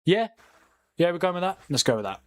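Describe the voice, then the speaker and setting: A young man hosting a casual football watchalong livestream, chatty and quick to laugh while talking to his chat. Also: sits high, sing-song. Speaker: livestream host.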